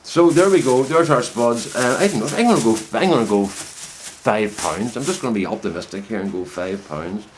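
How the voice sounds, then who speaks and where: A man's voice: fairly low pitch, lively intonation, moderate pace, slight background noise. A middle-aged man talking casually to camera from his greenhouse, rambling and reflective as he chats about his potato growing. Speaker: home potato grower vlogger. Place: inside a greenhouse.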